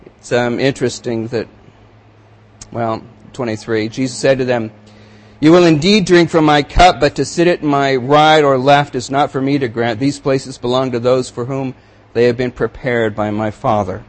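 A male pastor delivers a sermon at a medium pitch. He reads scripture aloud with building emphasis, then drops into quiet, conversational asides to his congregation. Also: normal speed, low-quality recording.

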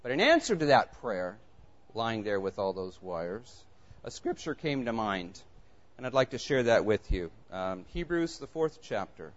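A man preaching a sermon, telling a personal story in an animated, conversational way before turning to scripture. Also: lowish voice, unhurried. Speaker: pastor. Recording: muffled lo-fi recording.

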